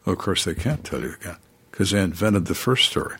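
A man's voice: deep voice, lively intonation, brisk, gravelly, fairly bright tone, slightly rough. A middle-aged man, a former police interrogator, tells stories in a casual interview and acts out the people in them.

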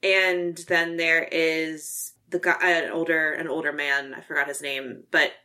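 A woman co-hosting a podcast, chatting casually about a horror film, animated and swearing freely, acting out lines from scenes. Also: low-pitched, unhurried. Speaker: podcast co-host.

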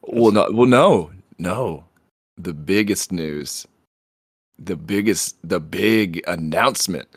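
A man's voice: sits low, takes it slowly, husky, no echo. A man co-hosting a casual podcast, joking in a dry, trolling way. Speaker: podcast co-host. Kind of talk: casual chat.

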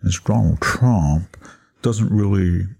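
A gravelly-voiced man putting on the voice of a preachy, worried academic who lectures in a slow, condescending drawl. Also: low voice, darkish tone, heavily acted. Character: fretful, preachy academic scold lecturing a friend.

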